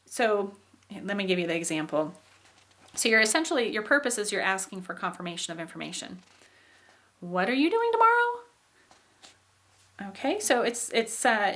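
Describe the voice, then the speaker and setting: A woman's voice: medium pitch, fairly bright tone. A woman lecturing as a teacher, explaining step by step with fillers and reading out example sentences. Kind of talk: recorded lecture.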